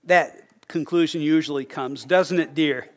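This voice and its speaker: A middle-aged man delivers a sermon in a folksy, storytelling way, often stumbling over his words and restarting. His voice sits a little higher than most men's. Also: measured pace. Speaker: pastor.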